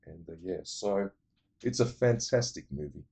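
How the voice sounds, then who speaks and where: A man casually retelling movie plots in an animated way, adding vocal sound effects. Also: on the low side, moderate pace, creaky. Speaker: movie reviewer.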